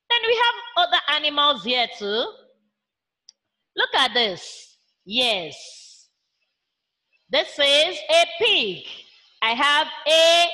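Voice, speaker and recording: A woman with a Nigerian accent teaching young children in an online class, imitating animal sounds in a slow sing-song way. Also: high-pitched, sharp tone. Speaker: primary school teacher.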